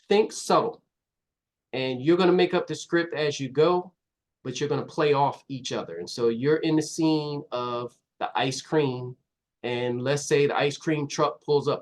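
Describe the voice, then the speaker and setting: A man who is a talent manager, giving feedback and instructions in a relaxed way, with lots of fillers. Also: mid-range voice. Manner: relaxed, uses fillers like "you know".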